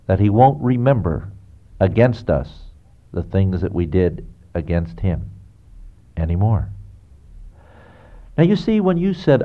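A man preaching biblical counsel in a sermon style, talking earnestly and directly to the listener with rhetorical questions. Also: lowish voice. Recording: dull lo-fi recording.

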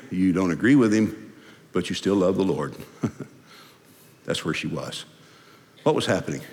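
A man preaching a sermon as a pastor, emphatic and swinging between loud declarations and hushed, soft passages. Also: lowish voice. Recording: reverberant hall.

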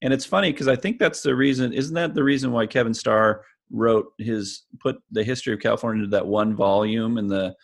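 A man's voice: medium pitch, brisk, creaky, few pauses. A man conducting an interview, asking questions hesitantly with frequent restarts. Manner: hesitant, with many restarts and fillers.

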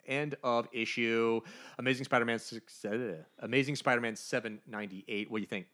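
A man's voice: medium pitch, moderate pace. A man co-hosting a podcast, recapping a comic book in casual chat, briefly putting on the characters' voices as he tells it. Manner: animated storyteller, briefly voicing characters. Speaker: podcast co-host.

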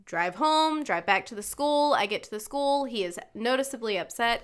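A middle-aged woman co-hosting a radio show, telling stories in casual chat with lively laughing asides. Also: a little high, normal speed, clean tone. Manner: animated storytelling, laughing asides. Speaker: radio co-host.

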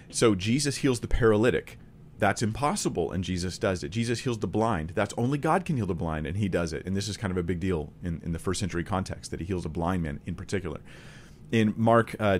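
A man's voice: on the low side, slight background noise. A man giving a conversational Bible study, earnest and emphatic, often restating his key points. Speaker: Bible teacher.

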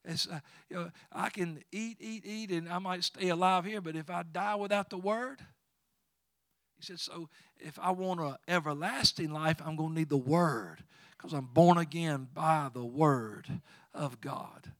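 A pastor preaches a sermon in a fairly high voice, quoting scripture with growing fervor and slipping in chuckling asides between his points. His pace is measured and his tone a bit bright. The recording is dry and close, with no echo.

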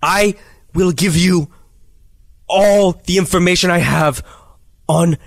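A man's voice: high voice, takes it slowly, creaky, no room sound, clean studio sound, voice pushed up, heavily acted. A man voicing a frightened older male captive who begs desperately. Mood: bargaining. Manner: desperate begging.

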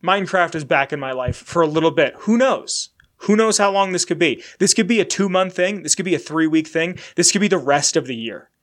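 A man's voice: a little high, expressive, fairly quick, hardly any pauses. A man in his twenties hosting a podcast, chatting candidly in a rambling, casually profane way. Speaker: podcast host. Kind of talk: casual chat.

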